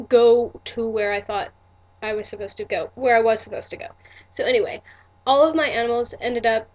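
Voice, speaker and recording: A woman, telling a personal story in a candid, earnest vlog with many restarts and asides. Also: a little high. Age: 40s. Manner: earnest and emotional. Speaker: vlogger.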